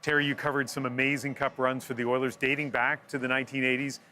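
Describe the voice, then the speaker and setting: A male news anchor with a bright, forceful voice presents live from an outdoor city plaza. His delivery is clear and measured, and faint background noise sits under his voice. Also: medium pitch, level tone. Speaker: news anchor reporting on location.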